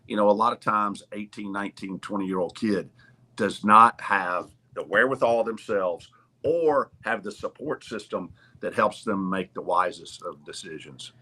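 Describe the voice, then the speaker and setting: Male podcast guest, college athletics official, low, bright voice, measured delivery. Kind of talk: casual sports talk.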